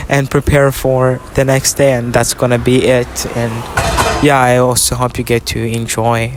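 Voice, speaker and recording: A man's voice: medium pitch, monotone, unhurried, noisy background. A young man hosting a podcast episode outdoors, giving earnest self-help advice in a casual, repetitive, affectionate way. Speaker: podcast host. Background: faint outdoor ambience with passing vehicles.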